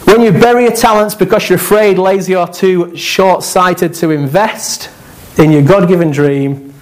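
A man preaching a conversational sermon, animated and joking, with asides to the congregation. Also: high-pitched, normal speed, poor audio.

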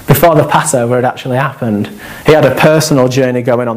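Man preaching a lively sermon. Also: a little high, poor audio. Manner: conversational, animated, with laughs and asides.

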